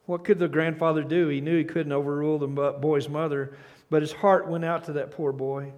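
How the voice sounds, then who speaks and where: An older man preaching a sermon as pastor, earnest, often restarting and repeating words, dropping to a soft, hushed tone at key points. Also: on the high side, level tone, fairly quick. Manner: reads a story aloud and drops to a soft, hushed tone at key points.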